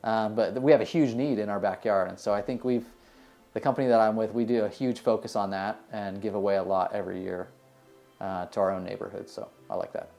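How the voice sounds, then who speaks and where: A man from the United States, a dentist, answering interview questions in a relaxed, rambling way with many fillers. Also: on the low side, fairly quick, creaky, soft background music. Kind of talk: casual interview answers, storytelling.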